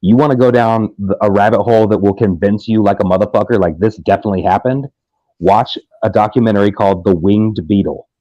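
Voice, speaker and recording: A man's voice: lowish voice, a little fast, mellow, no echo, muffled recording. A man chatting casually on a live stream, making emphatic, profane points in a conspiratorial tone. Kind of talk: casual chat.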